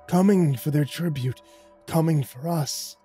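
A man's voice: fairly high pitch, measured pace, warm tone, husky, faint music behind, pitched above the performer's own voice. A man voicing a frightened old male prisoner with a wheezing voice. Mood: fearful.

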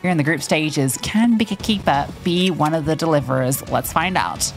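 A woman commentating an esports match, teasing her co-caster between lively play-by-play calls. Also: sits low, normal speed, soft background music.

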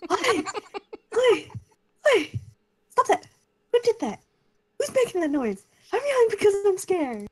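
A woman voicing a shrill young princess who yells in panic. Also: very animated, a little slow, long pauses, full character voice. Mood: panicked.

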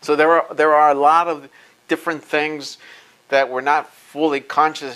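Forceful man giving an intense lecture. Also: on the high side, little pitch movement, moderate pace, clean tone. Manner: intense, emphatic, repeats words when heated; blunt and profane. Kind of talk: impassioned lecture.

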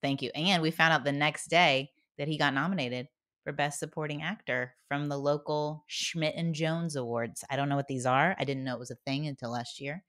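Low-voiced woman podcast host. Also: fairly even intonation, normal speed. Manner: warm-hearted and emotional, with frequent laughs. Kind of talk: casual chat.

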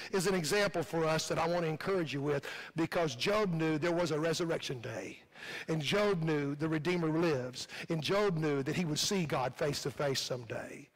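A man's voice: fairly high pitch, fairly bright tone. A male pastor with a Midwestern American accent preaching a sermon in a fervent, repetitive cadence, recorded in a church sanctuary. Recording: long hall reverb.

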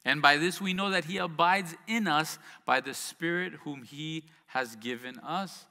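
Bright-voiced man preaching in a hall. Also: fairly high pitch, measured pace. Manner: conversational preaching with asides and rhetorical questions. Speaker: pastor. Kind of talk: sermon.

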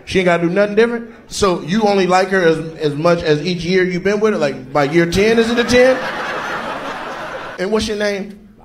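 A man doing stand-up crowd work in a large theater, teasing audience members in with loud bursts. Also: high-pitched, moderate pace. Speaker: stand-up comedian. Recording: crowd laughter and noise.

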